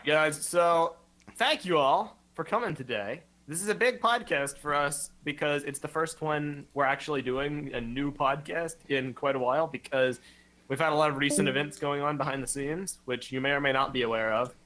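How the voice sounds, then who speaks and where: A man's voice: a little high, moderate pace, fairly bright tone. A man hosting a casual livestream podcast, joking and teasing his co-host.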